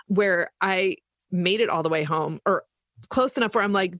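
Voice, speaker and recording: A woman's voice: on the low side, brisk, fairly bright tone, dry recording, clean studio sound. A woman co-hosting a podcast, chatting casually and telling stories while acting out the people she quotes. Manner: storytelling, acts out quoted voices. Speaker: podcast co-host, lactation consultant. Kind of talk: casual chat.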